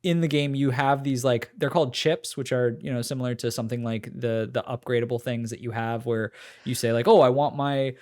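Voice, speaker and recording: A man co-hosts a casual podcast, recapping game demos in a loose, rambling way. He uses lots of fillers and his voice sits at an ordinary middle pitch. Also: little pitch movement, a little fast. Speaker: podcast co-host.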